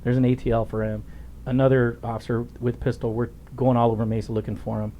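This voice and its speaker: A middle-aged man hosting a podcast interview, telling stories in a blunt, profane, animated way. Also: mid-range voice, fast, highs cut off, a little hiss or hum. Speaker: podcast host, former police officer. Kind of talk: casual storytelling interview.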